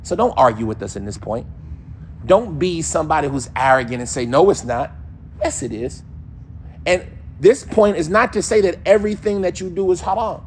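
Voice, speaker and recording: Lively man giving a casual religious lesson. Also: a little high, moderate pace, a little hiss or hum. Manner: casual, animated, mimics accents and voices. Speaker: Islamic teacher.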